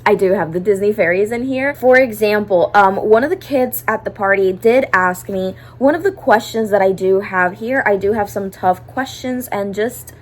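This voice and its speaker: A woman's voice: medium pitch, poor audio. A young woman who performs as a party princess, explaining character tips in a casual, upbeat, chatty vlog.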